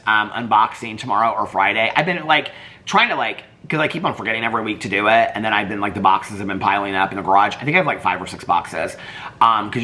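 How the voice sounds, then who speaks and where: A man's voice: fairly low pitch, sharp tone. A man vlogging casually, rambling through a story with lots of fillers and quoted dialogue.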